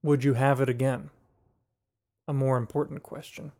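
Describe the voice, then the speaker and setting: A man's voice: mid-range voice, little pitch movement, moderate pace, a little mellow. A man co-hosting a casual podcast, chatting about beer and music in a playful, joking way with lots of fillers and restarts. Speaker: podcast co-host.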